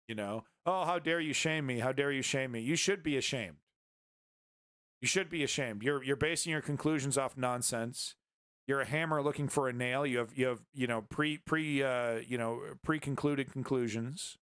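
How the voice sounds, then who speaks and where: A man's voice: mid-range voice, fairly bright tone, smooth, no room sound, studio quality. A male host giving rambling, indignant political commentary on a livestream, full of fillers and restarts.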